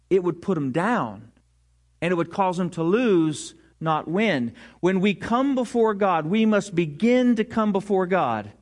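A man with a notably high voice delivers a sermon in a church. He talks conversationally, stumbling and restarting sentences, and now and then drops his voice low and quiet for effect. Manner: conversational preaching with frequent restarts and sudden volume drops. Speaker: pastor. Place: church sanctuary.

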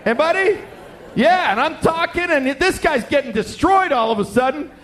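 A middle-aged Canadian pastor tells a funny story during a sermon, animatedly performing the voices of its characters with plenty of jokes. His pitch is extremely high and his pace normal.

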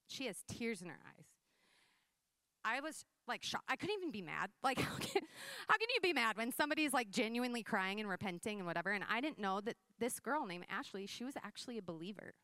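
A woman in her thirties giving a sermon with personal testimony, telling stories in a lively, conversational way. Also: fairly high pitch, fairly quick, dry recording. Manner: conversational, animated storytelling with frequent "like" and laughs. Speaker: preacher.

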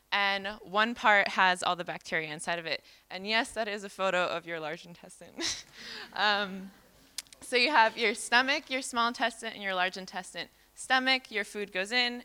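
An American woman lectures at a live seminar in a loose, conversational way, filling pauses with "um" and "like". Her voice is bright and clean, cutting through with a crisp, smooth tone. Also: medium pitch. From New York City. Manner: casual, chatty, many fillers like "um" and "like". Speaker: fermentation educator and speaker.

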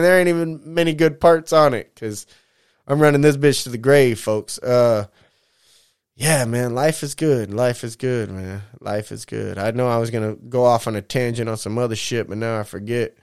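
A man in his thirties rambles through a casual vlog, speaking candidly and emotionally and wandering from one tangent to the next. His voice is smooth and clear at a medium pitch. He swears freely and keeps calling his listeners "man" and "folks.". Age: 30s. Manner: rambling, drifts off topic, says "man" a lot. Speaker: vlogger.

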